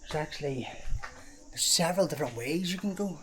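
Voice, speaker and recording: A man with a slightly high voice walks outdoors through an abandoned park and chats to the camera as he goes. He swears casually, wonders aloud and breaks into exclamations. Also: expressive, a little fast, noisy background. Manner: chatty, swears freely, thinks aloud with exclamations. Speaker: travel vlogger. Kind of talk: casual walking vlog commentary.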